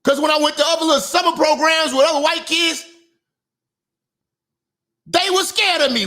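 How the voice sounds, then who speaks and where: A man giving a profane, comedic commentary monologue in a preachy, emphatic way, now and then breaking into shouts. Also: very high-pitched, fairly even intonation, moderate pace, pauses often. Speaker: online commentator and minister.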